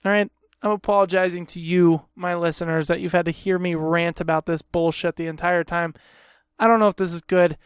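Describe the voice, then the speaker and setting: A man's voice: high-pitched, steady tone, fairly quick, clear, resonant tone, no room sound, studio quality. A young man hosting a solo podcast, ranting with lots of swearing, rambling and self-deprecating. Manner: profane, exasperated ranting. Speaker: podcast host.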